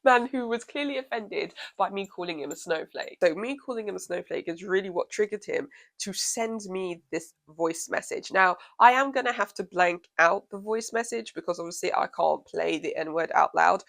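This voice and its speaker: A woman vlogger telling a storytime tale in an animated, sassy way. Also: medium pitch, moderate pace, gravelly, hardly any pauses. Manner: animated, sassy, laughs often. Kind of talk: storytime vlog.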